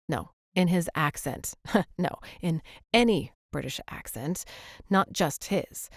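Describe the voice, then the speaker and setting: A woman narrating a romance audiobook, smooth and gently expressive. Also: on the low side, no echo, studio quality.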